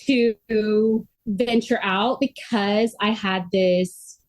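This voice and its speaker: A middle-aged woman telling her story as a podcast guest, earnest and animated, full of "like" fillers. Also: mid-range voice, extremely slow. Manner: earnest and animated, frequent "like" fillers, quotes others in her own voice. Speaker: podcast guest, myofascial release therapist. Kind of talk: conversational interview storytelling.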